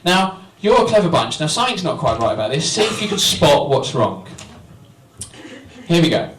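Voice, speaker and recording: At a small comedy venue, a young man does a cheeky, self-mocking set and banters with the people watching. His voice is on the high side, very animated and a bit bright at a normal speed, and the roomy, distant recording has a little hiss or hum beneath the crowd's laughter and cheers.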